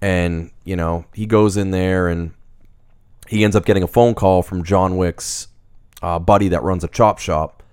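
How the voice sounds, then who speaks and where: A man's voice: low voice, fairly even intonation, unhurried, darkish tone, smooth, no echo, clean studio sound. A man in casual conversation, retelling a movie plot in a rambling way with lots of fillers. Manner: rambling, filler-heavy storytelling. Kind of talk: casual movie recap chat.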